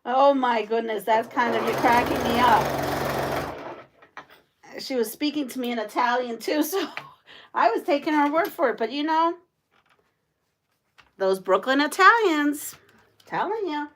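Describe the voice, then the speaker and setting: A woman from the United States chats through a morning quilting live stream in a slightly high voice. She talks slowly and laughs often as she reads viewer comments aloud. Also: animated, a bit bright, a little hiss or hum. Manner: chatty, laughs often, amused.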